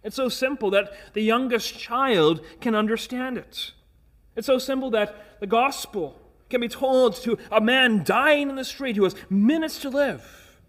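Pastor, male, fairly high voice, earnest emphatic sermon delivery with rhetorical questions. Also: measured pace, fairly bright tone.

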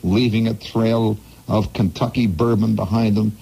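Male radio host from the Midwest, husky and dark-toned, rambling wry monologue over faint music. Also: on the low side, fairly even intonation, moderate pace, poor audio. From American Midwest. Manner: wry, digressive, playful asides.

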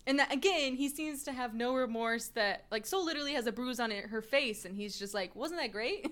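A woman co-hosting a casual chat, recapping and discussing an episode in a chatty way. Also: on the high side. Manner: animated, chatty, quick to laugh. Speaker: podcast co-host.

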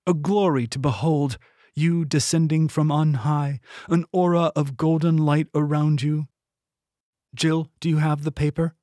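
A man voicing a calm female monarch who speaks in a measured, reverent way. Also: mid-range voice, dry recording, studio quality, close to an everyday voice.

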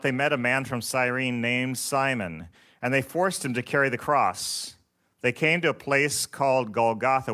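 A man preaching a sermon, reading scripture in a slow, solemn and measured way. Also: medium pitch, sharp tone. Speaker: pastor.

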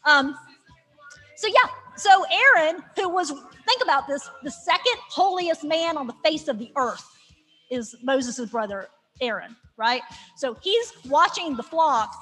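A woman teaching a Bible lesson with lively, sarcastic humor, acting out the characters as she goes. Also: high voice, measured pace, soft background music. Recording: reverberant hall.

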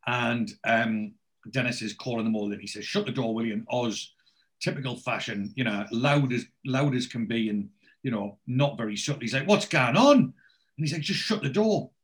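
On a podcast, a man recaps a TV series in casual chat, animatedly retelling scenes and quoting the characters' dialogue. He uses lots of fillers and restarts, speaking at medium pitch and moderate pace.

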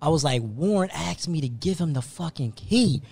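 A young man on a podcast, telling a story quickly and excitedly with lots of swearing. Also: a little high, gravelly, a little hiss or hum. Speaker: podcast co-host. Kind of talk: casual storytelling chat.

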